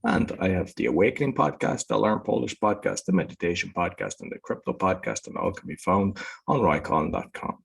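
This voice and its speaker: A man hosting a podcast interview in a relaxed, chatty way and laughing easily. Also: lowish voice, vocal fry, slightly rough. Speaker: podcast host.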